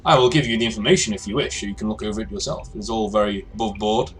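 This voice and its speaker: A man voicing a smooth-talking male information broker in a tabletop role-play game, speaking in formal, courteous phrases. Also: on the low side, rapid-fire, a little hiss or hum, close to an everyday voice. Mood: earnest.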